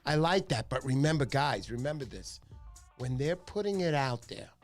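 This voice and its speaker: A man's voice: medium pitch, expressive, normal speed, soft background music. A middle-aged man hosting a fishing channel livestream, chatting casually and joking with viewers.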